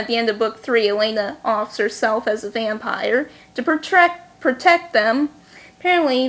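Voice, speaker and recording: Sarcastic, fast-talking woman vlogger. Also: high voice. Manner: sarcastic, snarky; talks fast. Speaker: book reviewer. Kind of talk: casual vlog recap.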